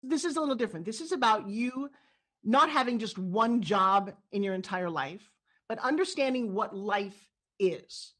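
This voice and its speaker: A middle-aged woman from New York with a New York accent, telling stories as an animated, emphatic interview guest. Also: a little high, normal speed. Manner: animated storyteller, lively and emphatic. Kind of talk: candid interview talk.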